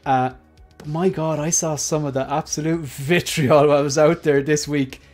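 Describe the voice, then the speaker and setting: A man's voice: a little high, fairly even intonation, moderate pace, a little mellow, soft background music. A man hosting a casual livestream panel, chatty and jokey, rambling with frequent restarts. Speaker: livestream host.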